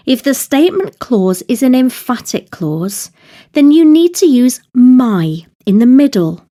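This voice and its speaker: A woman reading a scripted Welsh grammar lesson in a slow, careful, measured way. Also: a little high, mellow. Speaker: language teacher.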